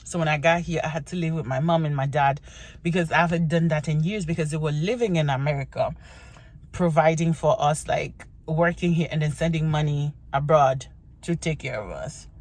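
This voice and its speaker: In a deep, darkish voice at normal speed, a young vlogger from Haiti with a Haitian accent chats casually to introduce herself to viewers. Encouraging and conversational, she frequently restarts and uses "you know".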